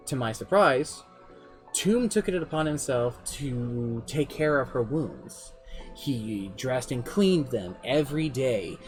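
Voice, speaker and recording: Animated man recapping his game. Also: mid-range voice. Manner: animated, swearing, shifts pace often. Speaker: streamer and game master. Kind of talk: casual storytelling recap. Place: home streaming setup.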